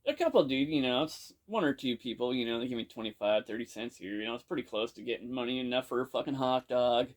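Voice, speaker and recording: A man's voice: mid-range voice, quick pace, few pauses. A man casually telling a story from his own past, rambling and swearing constantly, with lots of "you know". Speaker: podcast storyteller. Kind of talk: casual first-person storytelling.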